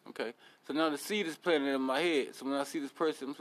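A man's voice: fairly high pitch, fast talker, few pauses. A young man hosting a podcast, talking casually in a blunt, profane, motivational way. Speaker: podcast host.

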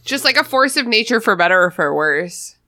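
An excitable young woman co-hosts a casual chat among friends. Her voice is bright and sharp, and she laughs easily between quick remarks. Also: mid-range voice, no room sound, studio quality.

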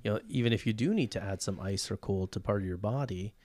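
Male podcast co-host, low voice, dry close sound, chatty and anecdotal. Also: fast talker, darkish tone, no echo. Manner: chatty, tells anecdotes, jokes around. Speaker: podcast co-host, former pro volleyball player and coach. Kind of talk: casual chat.

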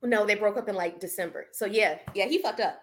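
A young woman co-hosting a podcast, talking through celebrity gossip in a casual, expressive, slangy way. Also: mid-range voice, brisk, a little hiss or hum. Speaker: podcast co-host.

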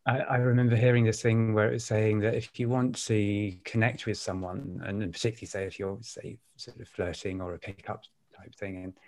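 A man with an upper-class English accent, telling personal stories in a candid, reflective chat, with many pauses and fillers. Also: on the low side, fairly even intonation, darkish tone. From United Kingdom. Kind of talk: casual chat, storytelling.

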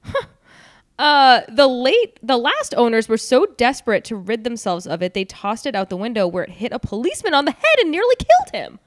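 A woman's voice: fairly high pitch, huge pitch swings, brisk, dry recording, studio quality. A woman hosting a casual chat, reading out stories in a loose, joking way with fillers and asides. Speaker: podcast host.

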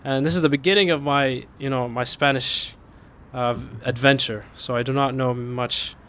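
A man spins a personal story in a relaxed chat, his voice in an ordinary middle range. As the punchline lands, he laughs through his words and his voice climbs high with excitement. A faint hiss of noise sits under the recording. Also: normal speed. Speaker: storyteller in a casual podcast chat. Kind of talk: casual chat, animated storytelling.

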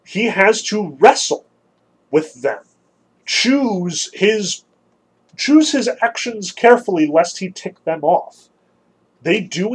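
Male lecturer, high voice, conversational and emphatic with wry asides. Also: breathy edge, rough recording. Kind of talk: casual lecture on a classic text.

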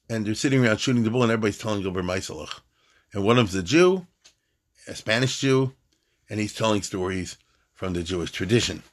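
A male Talmud teacher talks in a loose, conversational way, wandering off on tangents and restarting sentences. His voice sits on the low side. The delivery is an informal lecture. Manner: chatty and digressive, with frequent restarts.

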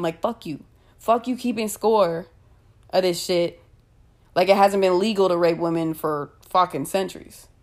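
A woman delivering an angry, profane rant full of rapid rhetorical questions. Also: medium pitch.

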